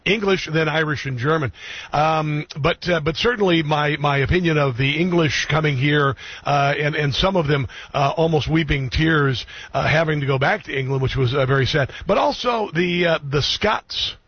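A man's voice: a little high, moderate pace, husky, no room sound. A man hosting a radio talk show, chatting enthusiastically with frequent restarts. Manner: enthusiastic, hesitant with many restarts. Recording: slightly dull radio audio.

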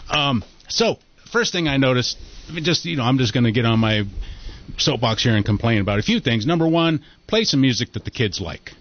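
A man's voice: medium pitch, lively intonation, a little fast, dull audio. A middle-aged man co-hosting a radio show, joking and complaining in casual slangy banter.

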